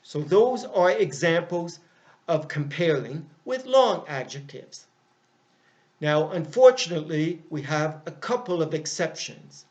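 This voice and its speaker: A man teaching an English grammar lesson, speaking deliberately and repeating each example. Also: a little high, animated. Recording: dull lo-fi sound.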